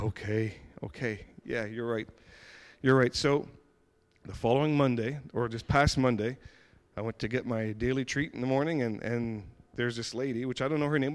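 A man giving a personal testimony, retelling events in a lively way with frequent restarts and acted-out dialogue. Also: medium pitch, clear, resonant tone. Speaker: church member giving a testimony.

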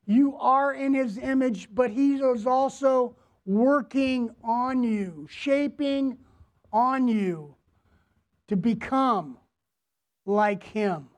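A man preaching a sermon as pastor to his congregation, deliberate, repeating phrases and asking them questions. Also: very high voice, a little mellow. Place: church, before a congregation.

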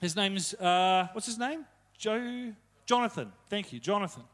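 A man's voice: high voice, expressive, unhurried, fairly bright tone. A young man preaching a casual, conversational sermon, retelling stories with joking asides.

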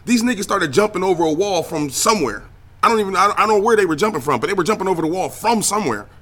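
A young streamer with a high voice talks very fast in a casual solo podcast rant. He swears his way through animated takes on video games and the news, scattering filler words that trail off.

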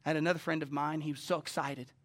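A man preaching a sermon who tells stories quietly, then builds to loud, passionate proclaiming. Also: fairly high pitch, little pitch movement, very fast. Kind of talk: sermon with storytelling.

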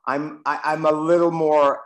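A man's voice: a little high, little pitch movement, a little slow, fairly bright tone. A man in his sixties, reading aloud and then sharing candidly, with some profanity, about his own recovery. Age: 60s. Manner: candid, profane, self-deprecating. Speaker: recovery meeting member sharing.

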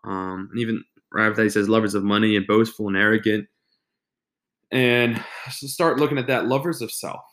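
A man's voice: on the low side, fairly even intonation, a little fast, fairly bright tone. A young man co-hosting a faith podcast, talking casually with many restarts and fillers. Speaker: podcast co-host.

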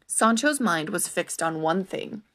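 A woman narrating a storybook in an expressive, animated storytelling manner. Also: on the low side, measured pace.

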